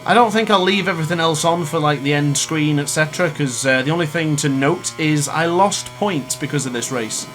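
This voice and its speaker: A man's voice: a little high, fairly quick, hardly any pauses, a bit bright, faint music behind. A man in his late twenties commentating his own racing game live, ranting in frustration between exasperated laughs. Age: 20s. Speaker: gaming YouTuber.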